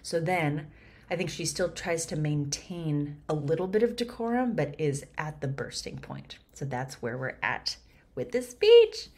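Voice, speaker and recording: A woman and actor explaining a Shakespeare scene line by line, lively and chatty with quick laughs. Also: sits low, breathy edge.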